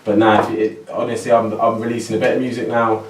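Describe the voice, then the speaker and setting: A man's voice: lowish voice, fast talker. A man, a rapper guest telling stories in casual podcast chat, full of slang and swearing. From England. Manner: animated storytelling, heavy slang and swearing. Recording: roomy distant recording, faint noise.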